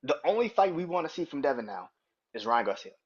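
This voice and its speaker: Husky man on a heated sports rant. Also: fairly high pitch, big pitch swings, quick pace. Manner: heated, profane, emphatic ranting. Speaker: sports podcast host. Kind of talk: solo sports podcast rant. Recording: dull lo-fi recording.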